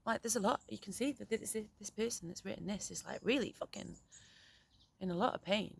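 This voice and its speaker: A middle-aged woman speaking in a candid, reflective monologue, frank and halting, often swearing, with many restarts as a poet and parent. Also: mid-range voice, creaky, breathy edge.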